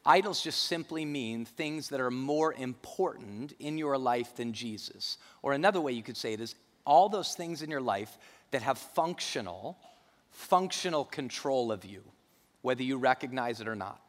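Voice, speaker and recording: A man's voice: mid-range voice, expressive, moderate pace, big-room sound. A male pastor preaching a sermon in a church, emphatic and repeating key phrases.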